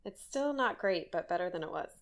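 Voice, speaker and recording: A woman's voice: fairly low pitch, animated, brisk. A woman co-hosting a podcast over a remote call, easygoing, with dry asides. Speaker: podcast co-host. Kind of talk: casual chat.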